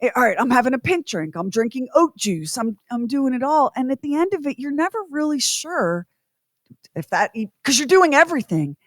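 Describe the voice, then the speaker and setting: A woman co-hosting a podcast, chatting in an expressive way and building her stories up to punchlines. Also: high-pitched, fairly quick, no room sound, studio quality. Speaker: radio and podcast co-host. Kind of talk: casual podcast chat.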